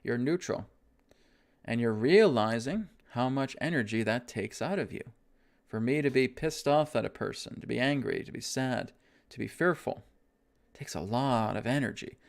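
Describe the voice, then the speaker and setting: A man teaching a spiritual self-help lesson, guiding breathing in a slow, soothing way and often checking in with "right?". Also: mid-range voice, lively intonation, gravelly. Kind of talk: guided self-help talk.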